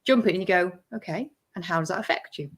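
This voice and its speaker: A woman's voice: fairly low pitch, lively intonation, fast. A woman clinician chatting on a podcast, telling stories about patients and acting out their replies. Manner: chatty storyteller, acts out patient exchanges. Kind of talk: podcast conversation.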